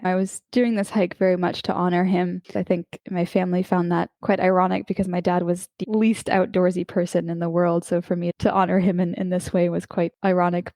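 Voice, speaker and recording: Young woman from eastern canada, earnest, reflective, slightly low voice, dry close mic. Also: warm tone, no echo. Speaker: podcast guest. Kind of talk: storytelling interview.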